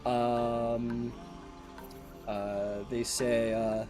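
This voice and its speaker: Laid-back game master. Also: male voice, mid-range voice, drawn-out words, music in the background. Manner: relaxed, filler-heavy narration. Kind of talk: narrating a tabletop game.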